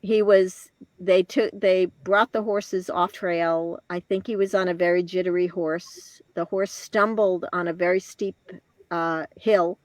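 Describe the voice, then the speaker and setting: A woman in her later years, a guest telling a personal story in an interview, reflective and halting, with restarts and soft laughs. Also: on the low side, fairly even intonation, no room sound.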